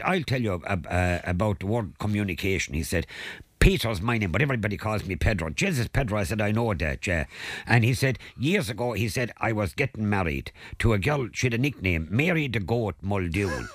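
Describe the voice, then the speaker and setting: A man in his sixties with a Tipperary Irish accent, spinning rambling yarns on a radio show. His voice sits fairly low, rises and falls a lot as he acts out the people in his stories, and sounds close and dry with no room around it. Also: big pitch swings, normal speed, no echo. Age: 60s. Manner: storyteller who acts out quotes and chuckles at his own jokes. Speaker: regular studio contributor. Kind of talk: rambling anecdotal radio chat. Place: radio studio.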